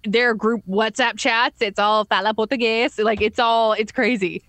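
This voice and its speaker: A woman's voice: fairly high pitch, fairly even intonation, unhurried, fairly bright tone, no room sound. A woman from Ontario in casual podcast chat, talkative and full of "like". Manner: chatty, runs on with "like".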